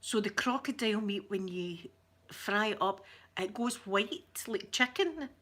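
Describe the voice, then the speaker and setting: A middle-aged Scottish woman with a medium-pitched voice rambles through stories for her viewers. She giggles often and drops into soft asides mid-sentence. Her delivery is loose and friendly, like a host chatting with a live chat. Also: measured pace. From Scotland. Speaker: ASMR channel host. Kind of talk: chatty livestream talk.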